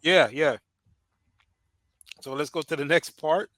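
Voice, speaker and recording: Casting: upbeat Chicago host, high bright voice, slangy and laughing. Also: male voice, slow, no echo. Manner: slangy, laughing often, says "bro". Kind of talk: casual livestream commentary.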